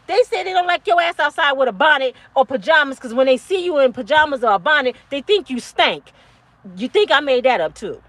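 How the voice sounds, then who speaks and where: A woman in her fifties giving a blunt, profane, preachy monologue to camera, yelling at times. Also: high voice. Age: 50s. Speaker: motivational vlogger.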